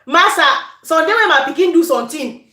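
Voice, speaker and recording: Cameroonian-accented woman, high voice, chatty cooking host, echoey home kitchen. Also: animated, fairly quick, pushed and bright. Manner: chatty, addresses viewers, breaks into Pidgin. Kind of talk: casual cooking demonstration.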